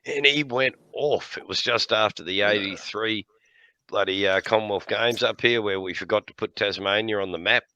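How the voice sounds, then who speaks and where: A man with a fairly low voice hosts an Australian live stream at a moderate pace, recorded dry and lo-fi. His casual talk is full of jokes, lively yarns, frequent laughter and free swearing.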